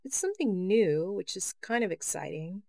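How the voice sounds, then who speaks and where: A woman's voice: mid-range voice, lively intonation, normal speed, creaky, a little mellow, no room sound. Woman voicing a shy, nervous young spacewoman. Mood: earnest. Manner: hesitant, nervous.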